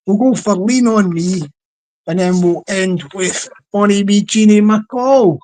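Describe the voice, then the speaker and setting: A streamer chatting to a handful of viewers in a slow, unhurried way. The talk rambles and keeps doubling back on itself, mid-pitched and homely. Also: a little mellow. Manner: rambling, chatty, restarts a lot. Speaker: live-stream host. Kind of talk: casual chat to a small online audience.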